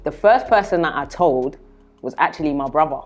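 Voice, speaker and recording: A young woman, a podcast guest telling her stories in casual, animated chat. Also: low voice, brisk, muffled recording. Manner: animated storyteller, acts out voices in quotes. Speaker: guest, spoken word artist.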